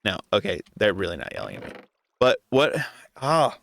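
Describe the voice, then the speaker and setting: A man's voice: fairly low pitch, wildly swooping pitch, moderate pace, gravelly, a bit bright. A young adult man giving casual gameplay commentary, talking to himself in an exasperated, joking way. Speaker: gaming video creator.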